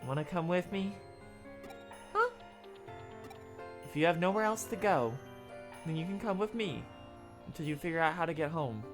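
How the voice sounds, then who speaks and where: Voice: mid-range voice, animated, moderate pace, long pauses, over music. Streamer voicing every game character. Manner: reads every character's lines and breaks off for laughing asides. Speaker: streamer reading a game's dialogue aloud. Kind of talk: live-streamed video game playthrough.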